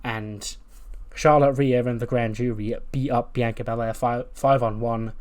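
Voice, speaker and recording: A man's voice: medium pitch, steady tone, unhurried, a little mellow. A man casually narrating a wrestling management game playthrough, chatty and laughing at his own jokes. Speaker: game commentator.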